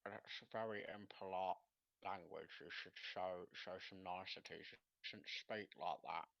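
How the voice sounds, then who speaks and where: A man voicing a prim male adventurer in a lowered, scolding voice. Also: steady tone, a little slow, vocal fry, dry recording, dull audio.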